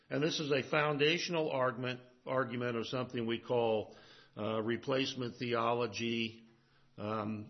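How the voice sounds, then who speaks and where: A pastor delivers a sermon with expressive swings, rising for emphasis and dropping low and quiet for asides. His voice sits at an ordinary male pitch. The recording sounds a little dull and muffled. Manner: expressive preaching, swings between emphatic and hushed.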